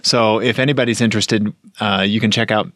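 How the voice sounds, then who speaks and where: A man co-hosting a podcast, chatting casually in a rambling, filler-heavy way with excited asides. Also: fairly low pitch, brisk, no room sound, clean studio sound. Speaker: podcast co-host. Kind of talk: casual aftershow chat.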